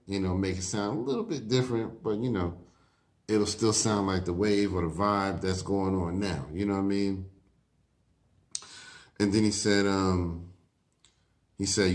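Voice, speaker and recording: A man in casual commentary, breaking down rap lyrics in a laid-back way and often saying "you know what I mean.". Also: low voice. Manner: reads lyric lines aloud slowly.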